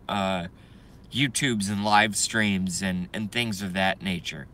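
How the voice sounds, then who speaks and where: A middle-aged man ranting angrily on his live stream, swearing, breaking off to apologize, his voice going hoarse from a day of talking. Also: on the low side, bright, forceful tone. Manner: angry, profane ranting with sudden outbursts and apologies.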